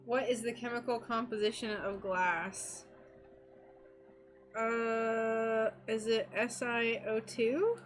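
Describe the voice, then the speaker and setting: A woman's voice: a little high, fairly even intonation, slow, a little hiss or hum. A woman chatting casually with her live-stream audience while crafting, giggly and talking to her pet. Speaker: stained glass streamer.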